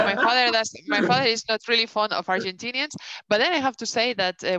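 A woman's voice: medium pitch, a bit bright, dry recording. A woman from Spain with a Spanish accent, co-hosting a casual chat, talking freely with lots of fillers and restarts. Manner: chatty, laughing, many fillers and restarts. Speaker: podcast co-host. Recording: dull lo-fi dry sound.

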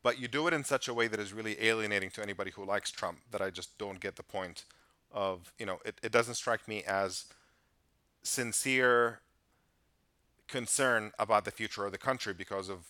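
A man's voice: on the low side, pushed and bright, no echo. A man as a podcast guest, talking earnestly and at length in a casual conversation. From United States. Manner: earnest, measured, speaks in long reflective stretches.

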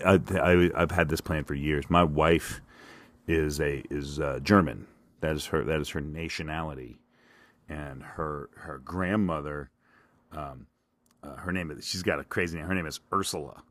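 A man's voice: very deep voice, fairly even intonation, unhurried, long pauses, no echo. A middle-aged man hosting a solo podcast, rambling casually in a self-deprecating stream of consciousness. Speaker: podcast host.

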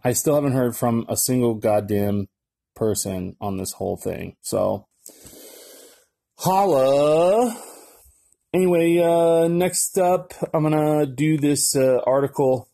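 A male podcast host talks through an article in a loose, rambling manner, full of fillers and the odd curse word. His voice sits at a middling pitch and sounds mellow and soft-edged. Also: gravelly. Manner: rambling and offhand, with frequent fillers and cursing. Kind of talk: casual solo podcast, reading an article aloud.

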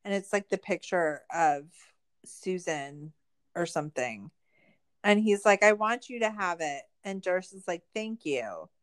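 A woman's voice: on the low side, animated, a little slow. A woman casually recapping a documentary episode, chatty and saying "like" a lot as she acts out the quotes. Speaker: podcast co-host.

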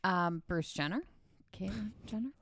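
A woman's voice: fairly low pitch, normal speed, fairly bright tone, no echo, studio quality. A young woman co-hosting a podcast, chatting casually with lots of likes and trailing-off sentences. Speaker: podcast co-host. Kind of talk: casual chat.

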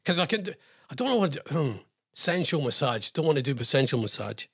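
A man's voice: fairly high pitch, sing-song, brisk, fairly bright tone, slightly rough. An older man hosting a radio show, telling a rambling, self-mocking story in casual chat.

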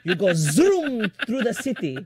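High-voiced New man telling stories. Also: measured pace, slightly rough, dry recording, clean studio sound. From Brooklyn, New York. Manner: animated storyteller, swears freely, laughs mid-sentence. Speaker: podcast co-host. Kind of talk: casual chat.

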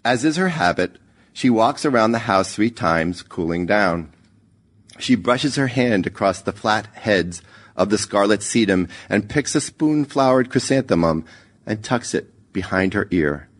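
A man narrating a short story in a measured, even reading. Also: on the low side. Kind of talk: scripted narration.

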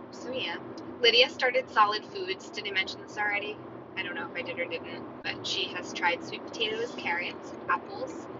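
A woman hosting a podcast alone, chatting casually and rambling to herself. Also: mid-range voice. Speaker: podcast host. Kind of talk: solo casual chat. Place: inside a moving car. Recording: muffled, with loud car road noise.

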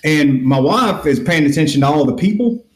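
A man with a fairly high voice tells a rambling, animated story, and he acts out every quote as he goes. His language is loose and full of swearing. The room sounds echoey. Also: normal speed. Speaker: podcast host. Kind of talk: casual storytelling chat.

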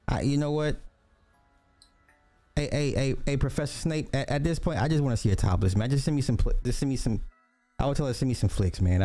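A man's voice: mid-range voice, mellow. A man hosting a casual reaction commentary, blunt and profane, with joking asides. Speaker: commentary host reacting to clips.

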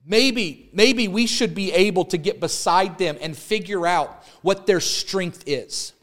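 A man's voice: high voice, slow, fairly bright tone. A man preaching a sermon, building emphatic repeated lines and explaining an object lesson. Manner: preaching with rising emphatic repetition; holds up an arrow as a prop. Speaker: pastor.

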